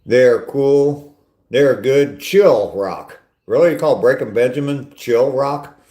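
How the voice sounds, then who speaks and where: A man's voice: mid-range voice, slow pace, mellow, echoey room. An older man hosting a casual live stream on a walk, chatting with viewers in a rambling, self-deprecating way. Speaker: vlogger reading live chat.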